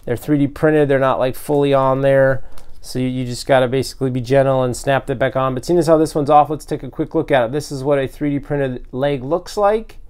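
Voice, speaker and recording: Gushing, excitable male collector vlogger. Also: mid-range voice, fairly quick, clean tone. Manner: gushing, exclaiming, swearing in excitement; breathless from excitement. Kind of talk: excited unboxing vlog.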